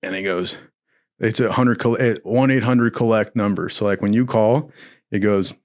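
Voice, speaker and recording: A man's voice: on the low side, normal speed. A young man from Southern California tells a wild story from his own life in loose, casual speech. He swears constantly and throws himself into the quotes, putting on the voices of everyone involved. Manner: profane, animated, acts out quotes in other voices.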